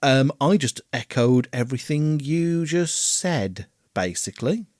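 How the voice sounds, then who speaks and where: A man, co-hosting a casual album review podcast, animated, swearing freely and laughing often. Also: mid-range voice, a little slow, dry recording, clean studio sound. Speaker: podcast co-host.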